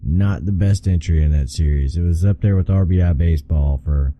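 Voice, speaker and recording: Low, very dark-voiced man, blunt co-host. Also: a little fast, dry recording. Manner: blunt, profane, short replies. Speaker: podcast co-host. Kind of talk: casual chat.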